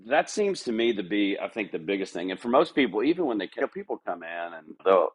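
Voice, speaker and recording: A man's voice: fairly low pitch, big pitch swings, quick pace, slightly rough. Candid middle-aged man telling stories. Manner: candid, storytelling, mimics others' voices. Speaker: golf club manager, podcast guest. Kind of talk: casual interview chat.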